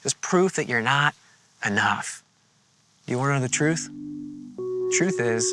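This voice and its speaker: A man preaching a sermon in a conversational, animated storytelling way with playful asides. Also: on the high side, takes it slowly, long pauses, music in the background. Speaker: pastor.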